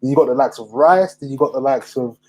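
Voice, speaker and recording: A young man hosting a casual football chat, animated and full of slang. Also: medium pitch, fast talker, poor audio. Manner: animated, slangy, asks questions. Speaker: podcast host.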